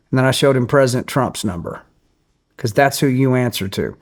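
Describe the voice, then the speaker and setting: A man's voice: mid-range voice, fairly quick. A man, a guest in an interview, telling a story with energy and acting out other people's voices. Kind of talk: animated storytelling.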